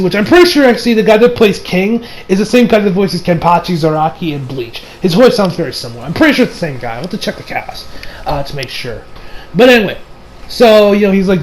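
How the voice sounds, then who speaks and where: Rambling young man with a high voice. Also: expressive, quick pace, low-quality recording. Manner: rambling, filler-heavy, laughs often. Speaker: anime reviewer. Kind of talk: casual episode recap.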